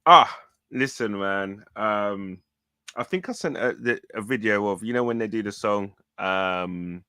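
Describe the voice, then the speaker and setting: A man chatting casually about a match, animated and often repeating his words. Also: lowish voice, measured pace, clear, resonant tone, no room sound. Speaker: football fan show co-host. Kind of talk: casual match reaction chat.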